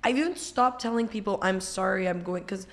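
A woman with a French accent and a raspy voice, chatting casually as a guest and laughing often. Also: medium pitch, brisk, a bit bright. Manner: chatty, laughs often, trails off mid-sentence. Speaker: interview guest. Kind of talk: casual chat.

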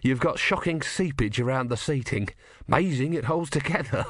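A man voicing a nervous, quick-witted plumber who shouts high and blusters. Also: expressive, dry recording. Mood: blustering.

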